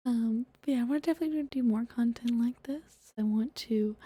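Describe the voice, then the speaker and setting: A young woman streaming as a VTuber, chatting softly and giggling in a half-whisper after an ASMR stream. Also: a little high, moderate pace, husky, no room sound. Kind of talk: soft-spoken ASMR stream chat, often whispered.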